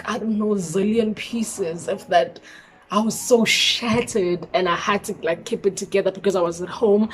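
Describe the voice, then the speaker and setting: A young South African woman with a lowish voice tells a personal story in a storytime vlog. She speaks expressively and mixes in isiZulu words.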